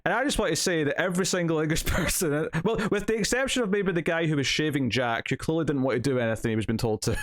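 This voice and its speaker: Co-hosting a casual TV review chat, this Scottish man talks animatedly at a quick pace in a slightly high voice. He acts out quotes in put-on voices, and the recording is clean studio sound with no echo.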